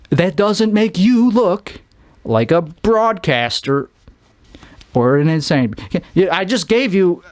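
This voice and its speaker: A man's voice: on the high side, no echo, clean studio sound. A man hosting his own podcast, rambling jokily through a solo monologue and acting out lines in put-on voices. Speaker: podcast host.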